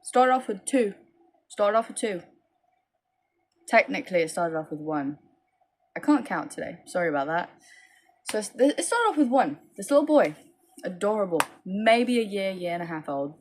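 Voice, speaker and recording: A woman's voice: normal speed, pauses often, slight background noise. A tired young woman tells a rambling storytime vlog into her phone. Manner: tired, rambling, animated with high-pitched quoted voices. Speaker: small business owner vlogging.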